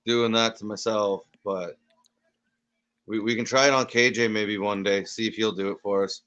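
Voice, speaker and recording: A man's voice: lowish voice, fairly even intonation, normal speed, fairly bright tone, muffled recording. A man hosting a casual live reaction chat, easygoing and asking the others questions. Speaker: watch party host.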